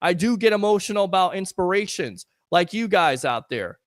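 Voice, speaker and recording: A man's voice: sits high, lively intonation, moderate pace, no echo, clean studio sound. A man hosting a live sports talk stream, talking in an earnest, emotional, rambling way while hyping up his audience. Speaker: sports talk show host.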